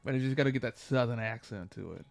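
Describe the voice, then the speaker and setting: Gravelly, halting male streamer. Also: mid-range voice, soft background music. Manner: thinks aloud, halting, many restarts. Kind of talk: casual live-stream chat.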